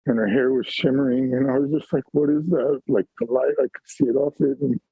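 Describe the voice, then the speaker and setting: A man on a call-in panel telling a personal story in a raw, halting way, swearing heavily, heard over a video call. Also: mid-range voice, fairly even intonation, creaky, slightly rough, dry recording. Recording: tinny phone-like call audio.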